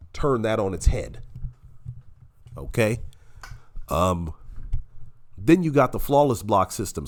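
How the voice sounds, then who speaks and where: A man giving heated, profane reaction commentary, his voice nasal and congested from illness. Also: fairly low pitch. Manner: profane, combative ranting.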